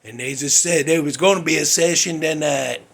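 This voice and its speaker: A man's voice: a little high, moderate pace, vocal fry, fairly bright tone. A man hosting his own show, telling a dream story in a rambling, folksy, exasperated way. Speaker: host. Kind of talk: comedic storytelling monologue.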